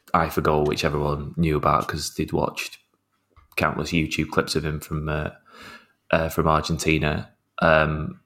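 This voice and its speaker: A man with a very low voice talks through football tactics. He rambles and restarts often, filling gaps with ums. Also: a bit bright. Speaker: podcast guest, football journalist. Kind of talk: casual football chat.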